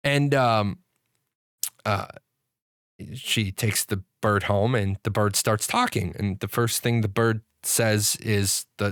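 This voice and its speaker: A man's voice: medium pitch, a bit bright, dry recording, clean studio sound. A man streaming live, rambling and laughing at his own jokes in casual chat.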